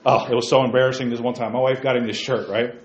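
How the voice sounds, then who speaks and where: A man preaching a sermon in a church, animated, swinging from quiet asides to shouts and calling listeners by name. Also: mid-range voice, fast talker, roomy sound, dull audio. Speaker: pastor. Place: church sanctuary.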